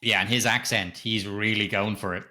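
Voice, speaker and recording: Bright-voiced middle-aged man. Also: on the low side, steady tone, moderate pace. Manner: swears freely, rambling, chuckles often. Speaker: podcast co-host. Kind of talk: casual film review chat.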